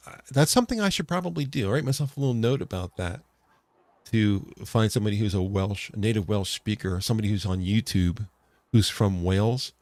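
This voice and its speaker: A man's voice: fairly low pitch, a little mellow, no echo. An American man co-hosting a casual podcast chat. He rambles, often correcting himself and restarting his sentences. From United States. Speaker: podcast co-host.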